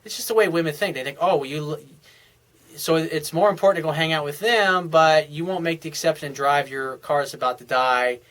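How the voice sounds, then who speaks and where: A man's voice: a little high, a little fast, few pauses, a bit bright. A man talking as a dating coach, giving casual advice in a blunt, frank and profane way, often restarting his sentences.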